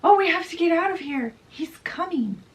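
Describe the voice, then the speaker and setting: A woman voicing an urgent female sea siren in a book retelling, with high squeaky calls. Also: animated, slow pace, full character voice.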